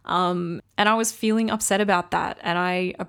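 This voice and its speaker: A woman's voice: lowish voice, fairly even intonation, moderate pace, gravelly, fairly bright tone, clear, resonant tone. A woman hosting a solo podcast, talking candidly and reflectively about her relationship, with frequent ums. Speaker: podcast host. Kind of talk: casual solo podcast talk.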